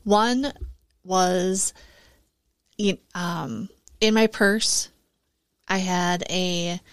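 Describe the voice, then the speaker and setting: A woman's voice: fairly low pitch, very slow, clean tone, no room sound. A woman in a casual podcast chat, telling travel stories hesitantly with many fillers. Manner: hesitant, filler-heavy storytelling.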